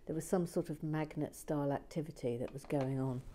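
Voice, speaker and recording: Low-voiced woman, dry and teasing. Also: fairly even intonation, a little fast, a little hiss or hum. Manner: dry, teasing, drops into soft whispers. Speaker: vlog host. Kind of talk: casual chat while building and reading comments. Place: shed.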